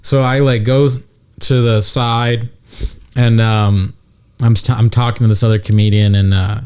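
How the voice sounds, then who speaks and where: A man's voice: fairly low pitch, steady tone, unhurried, darkish tone, clear, resonant tone. A man hosting a podcast in crude, casual chat, telling stories and acting out the people in them. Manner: crude, storytelling, acts out voices. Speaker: podcast host.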